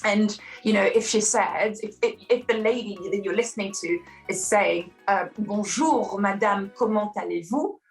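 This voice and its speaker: A woman's voice: medium pitch, steady tone, moderate pace, hardly any pauses, faint music behind, rough recording. Enthusiastic woman teacher, frequent "you know". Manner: enthusiastic, lots of "you know" fillers, laughs often. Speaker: French teacher, interview guest. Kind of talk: casual interview conversation.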